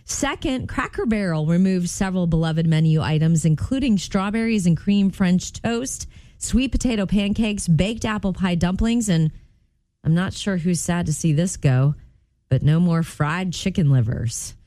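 A female morning radio co-host with a fairly low, mellow voice, recorded dry and close on a studio mic. She reads short items in a friendly way with light humor. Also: moderate pace, dry recording. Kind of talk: casual morning show banter. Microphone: studio microphone.

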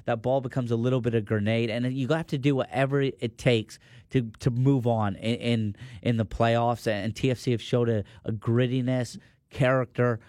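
A man's voice: mid-range voice, fairly even intonation, moderate pace, a little mellow, dry recording. A man giving studio sports analysis, offering firm opinions and often restarting his sentences.

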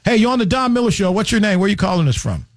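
A man's voice: sits high, big pitch swings, racing. A man hosting a radio talk show, taking calls and announcing upcoming shows in an upbeat way. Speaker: radio host.

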